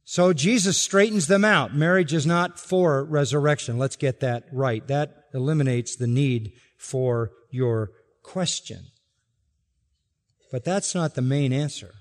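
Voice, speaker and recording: A man's voice: mid-range voice, unhurried. Emphatic preacher man in a reverberant hall. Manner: emphatic, swings between quiet asides and loud stressed quotes. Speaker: pastor. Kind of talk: expository sermon.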